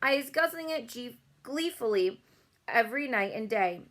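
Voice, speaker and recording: A woman voicing a gentle big male giant who talks with odd grammar and mangled words, raising her voice for him. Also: a little high, expressive, moderate pace, voice pushed up. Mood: cheerful.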